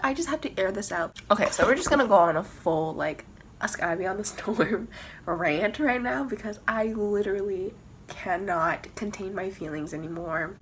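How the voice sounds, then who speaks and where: Young woman book vlogger, dramatic and emotional, mid-pitched, faint hiss behind. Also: a bit bright. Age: young adult. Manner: emotional, swearing, laughing, dramatic ranting. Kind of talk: casual vlog chat.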